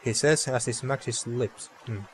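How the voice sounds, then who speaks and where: A man's voice: medium pitch, fairly even intonation, moderate pace, a little hiss or hum. Casual man reading game text, stumbling. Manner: stumbling over words, loose and profane. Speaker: let's play host.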